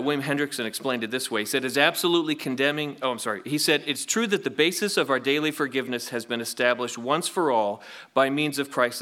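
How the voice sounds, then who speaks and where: A pastor with a medium-pitched, fairly bright voice preaches a sermon. He reads scripture aloud and puts rhetorical questions to the congregation in a conversational way.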